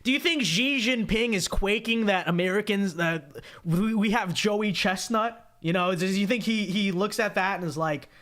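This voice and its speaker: A man's voice: sits high, normal speed, fairly bright tone. A young man hosting a livestream, ranting emphatically and repeating himself to press his point. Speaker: livestream host. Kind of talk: casual livestream rant.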